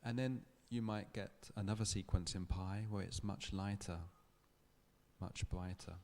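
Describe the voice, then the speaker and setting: A man giving a public lecture, telling a story in a thoughtful, measured way with small restarts. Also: fairly low pitch, steady tone, warm tone. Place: lecture hall.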